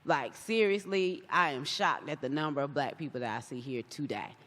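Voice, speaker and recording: A woman giving a casual talk to a live audience, chatty and animated, often acting out what other people said. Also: low voice, normal speed. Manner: chatty and animated, acts out quoted voices. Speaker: guest speaker. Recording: long hall reverb.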